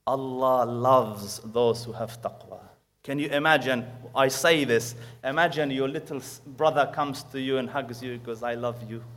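A man preaching a sermon, telling a story with acted quotes and quick recited Arabic verses, moving between loud emphasis and hushed asides. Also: mid-range voice.

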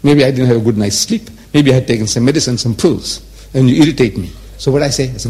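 A man's voice: medium pitch, fast, a little mellow. Emphatic seventy-something man lecturing. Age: 70s. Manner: emphatic and repetitive, teasing the audience with rhetorical questions. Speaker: religious lecturer. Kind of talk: public religious lecture.

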